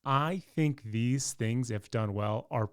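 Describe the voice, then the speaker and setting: Man, podcast co-host, casual enthusiastic chat, mid-pitched voice, dry room. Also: slow, clear, resonant tone, no room sound. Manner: enthusiastic, runs the segments from his notes.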